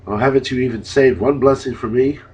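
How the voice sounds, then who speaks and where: A man's voice: medium pitch, a little fast, darkish tone, husky, close to an everyday voice. A man reading a pleading hunter son. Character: grown male hunter son, desperate. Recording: dull lo-fi recording.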